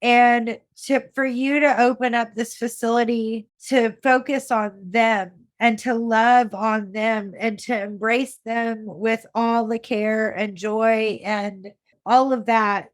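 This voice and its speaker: A woman hosting a podcast interview, emotional and halting as she responds to her guest. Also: on the high side, steady tone. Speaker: podcast host. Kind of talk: interview conversation.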